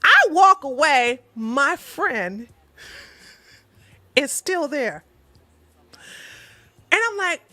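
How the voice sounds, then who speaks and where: A woman host telling a story casually to camera, chatty and animated, acting out what people said. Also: high voice, very slow, long pauses, no room sound. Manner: animated, chatty, breaks into laughter, acts out quotes. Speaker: channel host.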